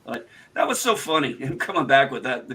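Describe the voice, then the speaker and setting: Bright-voiced man telling stories. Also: mid-range voice, fairly quick, slightly rough. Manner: animated, swearing storyteller, acts out quoted retorts. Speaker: host. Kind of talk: casual livestream chat.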